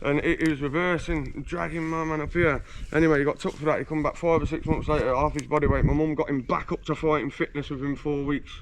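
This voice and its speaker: A man's voice: fairly high pitch, fairly even intonation, fast, hardly any pauses, slight background noise. Slangy, swearing man from England. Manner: slangy, swearing, boastful storyteller. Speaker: interviewee. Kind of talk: casual street interview. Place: outdoors on a residential street.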